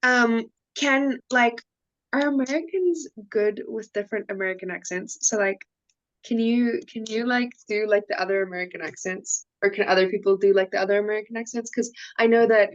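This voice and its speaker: A woman's voice: mid-range voice, a little fast, highs cut off. A woman learning English, who chats in a self-mocking way full of "like" and "um" over a video call mic. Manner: chatty, self-mocking, lots of "like" and "um". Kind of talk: casual online group chat.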